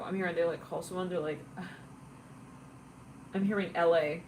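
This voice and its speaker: A woman's voice: on the low side, moderate pace, a bit bright, slight background noise, rough recording. A woman giving a casual, rambling tarot reading, talking in a chatty way with lots of fillers and frequent laughter. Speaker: tarot reader.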